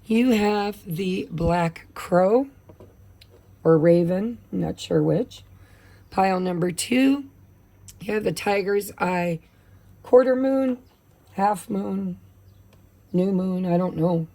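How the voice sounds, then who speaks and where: Gravelly woman reading tarot. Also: mid-range voice, slow, dark tone. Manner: chatty, with many fillers. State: losing her voice from allergies. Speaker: tarot reader.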